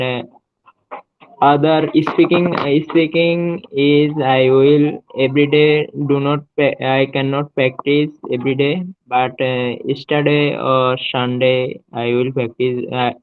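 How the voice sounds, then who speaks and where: A man learning English, talking in a casual practice chat, speaking in slow, halting phrases. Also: mid-range voice, smooth. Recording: tinny phone-like line.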